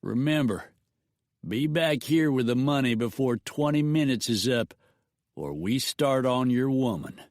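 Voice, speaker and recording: A man's voice: mid-range voice, expressive, a little slow, dry recording, studio quality, voice pushed up, lightly acted. Man playing a menacing drawling outlaw. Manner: threatening, drawling. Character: menacing male outlaw, gang leader.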